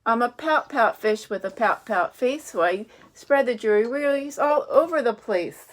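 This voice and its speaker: A woman reading aloud as a gloomy male fish who pouts, in a slow, mopey sing-song. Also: fairly high pitch, animated, lightly acted.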